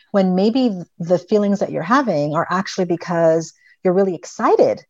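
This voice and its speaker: A middle-aged woman, a pediatric psychologist, talking in an interview and telling stories with lively quoted voices of her kids. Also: on the low side, fairly quick, no room sound. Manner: animated storyteller, voices her children in quotes. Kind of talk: conversational interview. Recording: dry, dull lo-fi remote audio.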